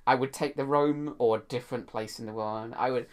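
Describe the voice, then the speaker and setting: A man's voice: mid-range voice, fairly even intonation, a little fast. A man co-hosting a podcast in casual chat, enthusiastic and rambling, with many restarts. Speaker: podcast co-host.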